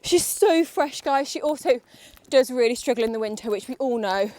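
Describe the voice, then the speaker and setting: A woman's voice: high voice, lively intonation, normal speed, a little mellow, dry recording. A young woman vlogging while riding her horse, chatty and nervous, talking to the horse and her viewers. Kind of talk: casual chat while riding. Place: outdoor riding arena.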